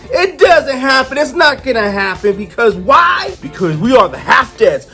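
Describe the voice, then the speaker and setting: Animated comic book storyteller. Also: sits high, normal speed, soft background music. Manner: animated, amused commentary. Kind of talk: casual story retelling.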